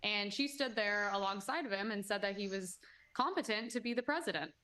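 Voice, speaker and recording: A woman's voice: medium pitch, animated, brisk, a bit bright. A woman giving opinionated commentary in a casual exchange, talking emphatically and indignantly, often restarting her sentences. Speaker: commentator guest.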